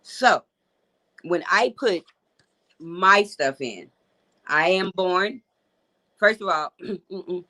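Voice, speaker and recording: A woman's voice: on the low side, expressive, drawn-out words, pauses often, pushed and bright, poor audio. A woman, hosting a live call-in show in a loose, chatty way and talking straight to her viewers. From Georgia, USA. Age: 40s. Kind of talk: casual live-stream chat.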